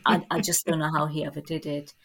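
A middle-aged woman telling family stories as a podcast guest, in a lively anecdotal way. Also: low voice, fast talker, slight background noise. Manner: lively anecdotal storytelling with laughs. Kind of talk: storytelling in a podcast interview.

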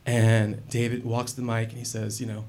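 A man telling a personal story in a wry, animated and profane way. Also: medium pitch, normal speed. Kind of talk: personal story told to an audience.

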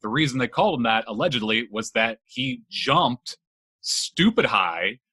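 A man's voice: medium pitch, expressive, a little slow, pushed and bright, slightly rough, dry recording. A man hosting a casual chat, telling a spooky legend with jokes and swearing. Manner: joking, swears freely, laughs while telling. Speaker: podcast host telling a legend.

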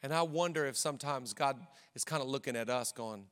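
A male pastor preaching a sermon in a church, energetic and emphatic, rallying the congregation. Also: mid-range voice, a little fast, smooth, long reverb tail.

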